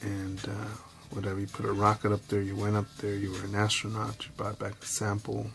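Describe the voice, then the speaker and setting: A man giving a rambling, candid personal monologue to camera, swearing at times and slipping into quick impressions of others. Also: fairly low pitch, completely flat delivery, creaky, a bit bright. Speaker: vlogger.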